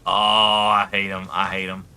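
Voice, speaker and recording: Bright-voiced young male streamer. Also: low voice, measured pace, a little hiss or hum. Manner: rambling, excitable storytelling. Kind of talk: casual gameplay chat.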